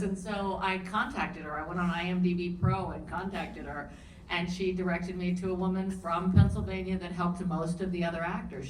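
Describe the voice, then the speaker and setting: Animated Southern woman, roomy hall. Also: lowish voice. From New Orleans, US South. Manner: animated, laughing storyteller. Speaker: actress guest on panel. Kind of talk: panel Q&A chat. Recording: roomy hall, distant mic, faint noise.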